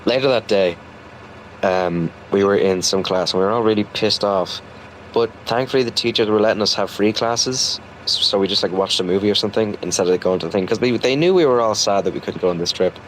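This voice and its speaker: A man's voice: on the low side, a little hiss or hum, low-quality recording. A young man casually telling a story from his school days, rambling with lots of fillers and restarts. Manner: rambling, halting, full of fillers.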